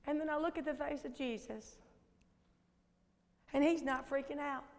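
A Southern American woman in her fifties preaching a lively, folksy sermon in a church sanctuary and questioning the congregation. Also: sits high, normal speed, vocal fry, pauses often. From Southern United States. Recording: echoey church hall.

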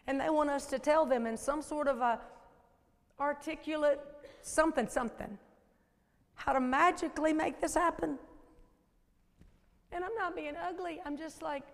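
A Southern American woman in her fifties preaching a lively, folksy sermon in a church sanctuary and questioning the congregation. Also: high-pitched. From Southern United States. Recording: echoey church hall.

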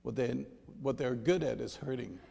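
A man's voice: mid-range voice, normal speed, creaky, dark tone, husky. A man preaching a sermon in a conversational, emphatic way, speaking directly to his listeners. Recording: long hall reverb.

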